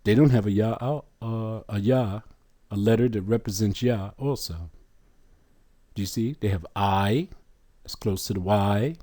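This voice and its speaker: Slow, deep-toned man teaching with emphasis. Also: mellow, no room sound. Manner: slow, emphatic, questioning the listener. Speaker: religious teacher. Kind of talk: didactic religious teaching.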